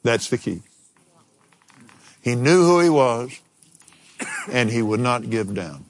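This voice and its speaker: An older male preacher delivers his sermon at an unhurried pace. His pitch swings widely as he tells stories animatedly, with an occasional chuckle. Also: lively intonation. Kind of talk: sermon with personal storytelling.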